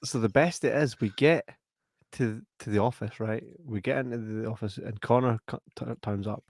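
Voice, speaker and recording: Recorded with no echo, this Scottish man speaks at a moderate pace while co-hosting a podcast. In a relaxed, chatty way he relates a story, voicing its characters with wide leaps in pitch and frequent laughter.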